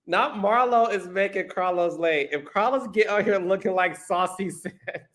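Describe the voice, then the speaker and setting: A man's voice: high voice, normal speed, fairly bright tone. A man hosting a live stream, reading out viewer comments in a sassy, playful way and calling people honey and child. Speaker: podcast host.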